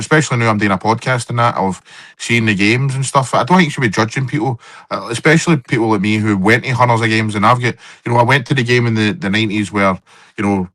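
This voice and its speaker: A man's voice: lowish voice, bright, forceful tone, no room sound. A middle-aged Scottish man, a podcast guest, talking earnestly in casual chat about football.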